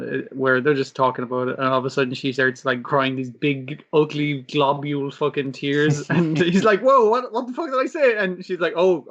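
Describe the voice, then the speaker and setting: Casual swearing man on a podcast. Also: medium pitch. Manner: casual, swears, acts out quotes. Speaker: podcast co-host. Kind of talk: casual anime discussion. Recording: dull lo-fi stream audio.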